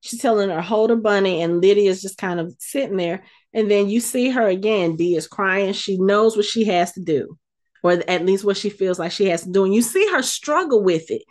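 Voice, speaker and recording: A woman co-hosting a casual podcast, retelling a show's episode with lively acted-out quotes. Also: medium pitch, normal speed. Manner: animated storyteller, acts out quotes. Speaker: podcast co-host.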